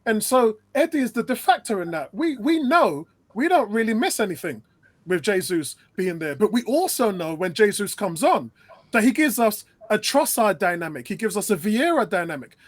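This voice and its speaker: Male podcast guest, high voice, emphatic, repeats himself. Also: very animated, normal speed. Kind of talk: casual football chat.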